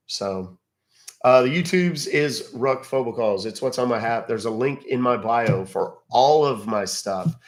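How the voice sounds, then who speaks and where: A man hosting a casual livestream, rambling conversationally and thanking viewers by name. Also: medium pitch. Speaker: livestream host.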